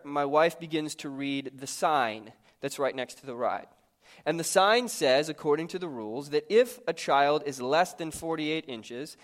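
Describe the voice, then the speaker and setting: Pastor, thirties, male, slightly high voice, chatty and self-mocking while telling a sermon story. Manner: lively, conversational and self-mocking.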